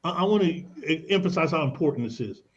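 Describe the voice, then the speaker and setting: Male radio guest expert with a high-pitched voice; pushy, persuasive delivery peppered with slang, heard on a muffled broadcast. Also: animated, quick pace, breathy edge. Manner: emphatic, persuasive, casual slang. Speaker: credit and tax expert guest. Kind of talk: radio talk show guest explaining. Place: radio studio.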